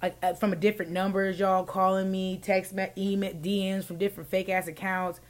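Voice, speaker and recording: A woman's voice: medium pitch, little pitch movement, fairly quick. A woman co-hosting a casual podcast, telling a wild story with lots of profanity and acted-out quotes. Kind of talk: casual chat.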